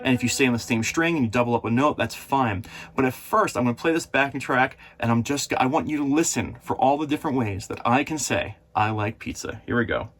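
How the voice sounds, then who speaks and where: A man's voice: mid-range voice, lively intonation, quick pace, a bit bright. Chatty male guitar teacher. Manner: chatty, encouraging, repeats himself. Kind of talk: casual video lesson. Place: RV on the road.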